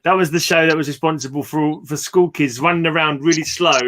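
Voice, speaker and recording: A man hosting a casual chat, relaxed, asking loose rambling questions and laughing easily. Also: fairly high pitch, brisk, a loud crowd. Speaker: host.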